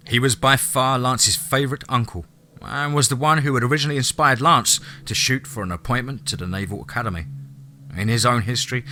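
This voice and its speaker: Bright-voiced male story narrator. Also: mid-range voice. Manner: steady storytelling. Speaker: audiobook narrator. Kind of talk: scripted narration.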